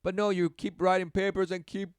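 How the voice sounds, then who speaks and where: A man preaches in a scornful rant and keeps slipping into high, mocking imitations of the people he scolds. His voice is very smooth and clear and sits fairly high for a man. The recording is dry and close. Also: little pitch movement, fairly quick, dry recording. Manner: mocking, mimics others in high sarcastic voices. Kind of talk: sermon rant.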